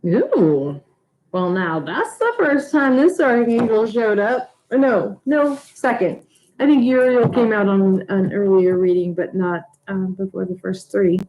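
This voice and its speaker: A woman doing a casual weekly angel card reading for her viewers, emotional and rambling, with many halting restarts. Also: medium pitch, expressive, a little mellow, poor audio. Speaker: tarot reader.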